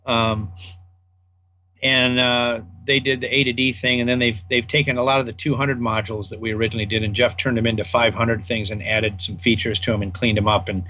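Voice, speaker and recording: A man's voice: mid-range voice, little pitch movement, brisk, bright, forceful tone, lo-fi sound, a little hiss or hum. An older man, a guest audio designer, casually telling rambling anecdotes in an interview and acting out the people he quotes.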